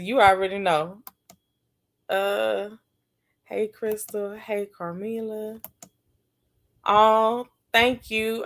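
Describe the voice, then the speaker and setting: A woman hosting a casual livestream, chatting warmly and answering viewers' comments one by one. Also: mid-range voice. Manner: affectionate, calls viewers baby and sis. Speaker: livestream host.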